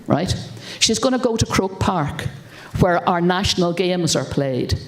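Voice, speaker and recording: An older woman with an Irish accent gives a keynote speech as a story, stressing her points by repeating words. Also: on the low side. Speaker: keynote speaker. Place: conference hall. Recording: roomy conference hall sound.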